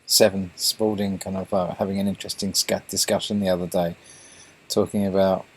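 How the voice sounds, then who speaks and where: A man's voice: low-pitched, level tone, brisk, husky. An English man hosting his own channel, talking to viewers in a meandering monologue full of restarts and fillers. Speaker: channel host.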